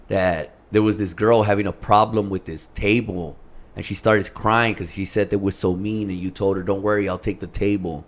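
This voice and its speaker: A middle-aged man on a podcast telling a story casually, slangy and animated, acting out the lines of the people in it. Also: deep voice. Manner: animated, slangy, acts out dialogue. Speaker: podcast guest.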